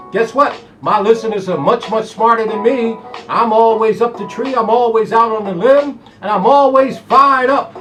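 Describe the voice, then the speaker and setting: A man hosting a horse racing preview show from a studio, fired up and folksy, telling himself to simmer down. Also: very high-pitched. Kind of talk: excitable folksy race preview monologue. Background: soft jazz music.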